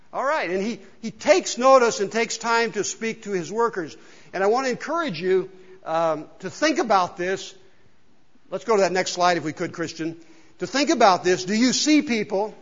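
A male pastor preaching a casual, joking sermon and asking the congregation questions, recorded in a church hall. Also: high-pitched. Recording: dull sound with long hall reverb.

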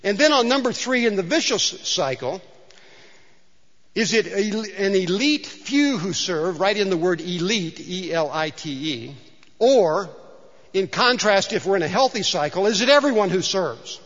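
A man's voice: high voice, lively intonation, a little slow, a bit bright. A male pastor preaching a sermon in a church, talking conversationally with asides and rhetorical questions. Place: church sanctuary. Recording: dull sound with long hall reverb.

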